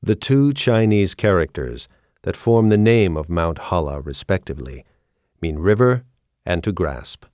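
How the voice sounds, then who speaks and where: Male documentary narrator, very low pitch, solemn measured delivery, dry close recording. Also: animated, darkish tone, dry recording.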